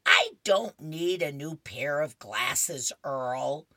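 A woman voicing a stubborn older woman from a comic strip, reading her lines slowly and insistently. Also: sits low, expressive, sharp tone, dry recording, studio quality, full character voice.

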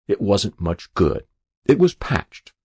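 A man's voice: low voice, lively intonation, unhurried, a bit bright, no room sound, clean studio sound, full character voice. A man voicing a poor, proud young boy who talks back stubbornly and defiantly. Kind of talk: audiobook character voice.

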